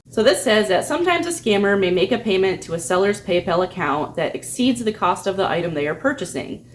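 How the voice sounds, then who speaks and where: A woman's voice: lowish voice, a little hiss or hum. A woman telling a story in a crafting vlog, playful and mocking. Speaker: crafting YouTuber.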